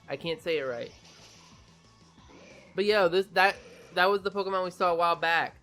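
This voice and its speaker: A gaming YouTuber who just woke up gives an excitable, swearing reaction to a game trailer and stumbles over new names. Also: mid-range voice, moderate pace, long pauses, faint music behind. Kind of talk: casual reaction commentary.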